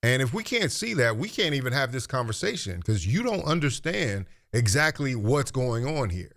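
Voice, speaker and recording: A man's voice: mid-range voice, big pitch swings, normal speed, a bit bright. A man hosting commentary, making a pointed, rhetorical argument. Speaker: commentary host.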